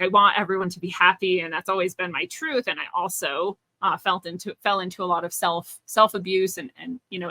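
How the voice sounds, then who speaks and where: A woman's voice: mid-range voice, sharp tone, no echo. A woman being interviewed as a spiritual teacher, telling a personal story in an earnest, searching way with frequent restarts.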